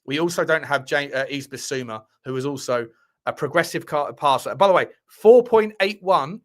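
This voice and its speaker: A man's voice: on the high side, moderate pace. A man hosting a casual football livestream, chatty and thinking aloud, swearing now and then. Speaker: football channel host.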